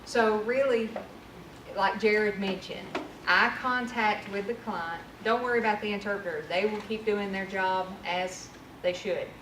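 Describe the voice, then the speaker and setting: A woman's voice: medium pitch, fairly even intonation, measured pace. A woman trainer giving a casual workshop presentation, candid and conversational. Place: training room. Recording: echoey room from far off with noise.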